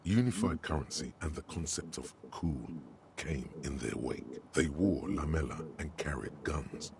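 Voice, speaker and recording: An omniscient, wry inner voice narrating a detective game. The voice sits extremely low and crackles with gravel. Steady noise hums behind it. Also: male voice, a little slow, exaggerated voice. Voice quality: deep and gravelly. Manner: grandiose, wry second-person narration. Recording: game audio with noticeable background noise.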